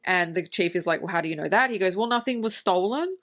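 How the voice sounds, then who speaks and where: A woman co-hosting a podcast, casually retelling film scenes with lively, swearing commentary. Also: lowish voice, quick pace. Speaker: podcast co-host. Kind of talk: casual film-review chat.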